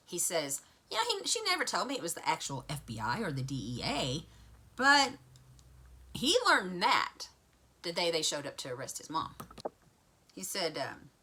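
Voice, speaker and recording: Lively, bright-voiced woman vlogger. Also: lowish voice, husky. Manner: chatty, lively storytelling with asides. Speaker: vlogger recapping a TV episode. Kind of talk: casual retelling to camera.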